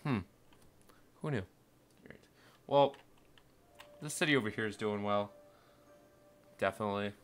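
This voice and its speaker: A young man commentating his city-building game, muttering along and then bursting into panicked, cursing shouts. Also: on the low side, a little slow, long pauses. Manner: swings from mumbling to panicked yelling, swears constantly. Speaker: gameplay streamer. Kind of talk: casual let's-play commentary.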